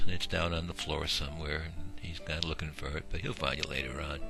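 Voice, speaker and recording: Very deep-voiced man narrating a home video. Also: level tone, a little fast, gravelly, bright, forceful tone. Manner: folksy and rambling, with frequent fillers. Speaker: shelter volunteer and video narrator. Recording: music playing behind.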